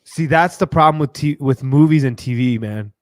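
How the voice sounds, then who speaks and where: A man co-hosting a casual chat, relaxed and joking, reacting to stories. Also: medium pitch, normal speed, dry recording, clean studio sound.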